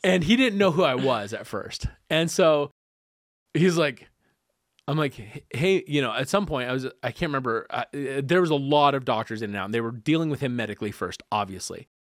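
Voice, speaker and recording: Animated man telling a story, dry sound. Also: mid-range voice, a little fast, no room sound. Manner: animated, acts out quotes, laughs often. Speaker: podcast guest. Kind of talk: conversational storytelling.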